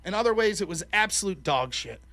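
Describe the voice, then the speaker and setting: A man hosting a call-in show, telling stories in animated, profane casual chat. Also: sits high, a little fast, no echo. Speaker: podcast host.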